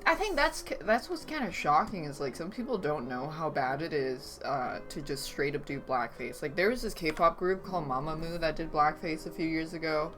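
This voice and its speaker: Lowish sarcastic woman streamer. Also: animated, moderate pace, few pauses, a bit bright. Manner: reads chat aloud and reacts with dry sarcasm. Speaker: livestreamer chatting with viewers. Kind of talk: casual stream chat. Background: faint background music.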